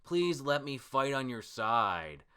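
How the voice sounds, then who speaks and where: A man's voice: mid-range voice, sing-song, slow pace, sharp tone, clean tone, exaggerated voice. A man voicing a stern male pirate captain who earnestly asks to fight alongside others, read aloud from a comic.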